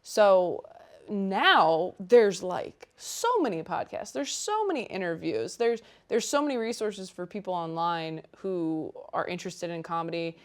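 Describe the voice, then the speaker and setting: A woman's voice: lowish voice, animated. A woman in her thirties, a comedian guest in a studio interview, talking in a chatty way with lots of "like" fillers. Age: 30s. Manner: chatty, quick to laugh, frequent "like" fillers. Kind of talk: casual interview chat.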